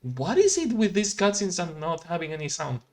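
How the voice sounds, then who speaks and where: A streamer casually commenting on a video game, swearing and joking loudly. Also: mid-range voice, huge pitch swings, normal speed. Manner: crude, joking, loud outbursts. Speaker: let's play streamer.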